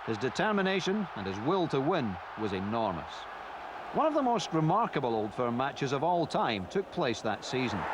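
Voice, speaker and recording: A man giving measured, expressive scripted narration for a sports documentary. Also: fairly high pitch, noisy background.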